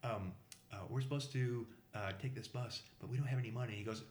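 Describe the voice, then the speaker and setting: A middle-aged man from the Boston area spins a rambling travel story, full of fillers and restarts. He talks fast in an echoey room. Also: steady tone, a little mellow, slight background noise. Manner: halting, many fillers and restarts, acts out voices with big pitch jumps. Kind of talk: casual anecdote telling. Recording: roomy echo.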